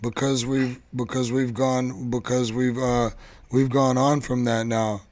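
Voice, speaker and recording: A man hosts a casual live stream in an easygoing, rambling way. He stops and restarts his sentences often. His voice sits at an ordinary middle pitch. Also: flat delivery, a little mellow. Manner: rambling, halting, many restarts. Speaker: show host.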